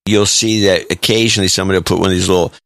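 A man co-hosting a podcast, bantering in a dry, deadpan way. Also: sits low, very fast, dry recording. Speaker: podcast co-host. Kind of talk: casual chat.

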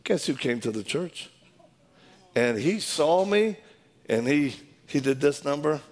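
A man telling a personal story in an animated way, acting out the quoted voices and laughing as he goes. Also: fairly high pitch, unhurried.

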